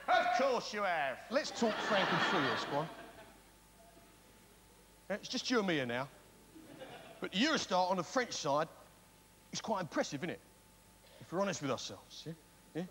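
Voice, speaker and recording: A stand-up comedian on a large theatre stage banters with the audience and fires off tag questions in a blustering manner. His high-pitched voice is expressive and fairly quick, with long pauses. The theatre is reverberant, with loud crowd noise and audience laughter.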